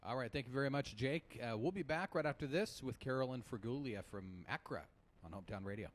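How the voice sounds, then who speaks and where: A man hosting a live local radio show, chatty and relaxed, sometimes stumbling over his words. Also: mid-range voice, fairly quick. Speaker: radio host. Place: hotel lobby broadcast.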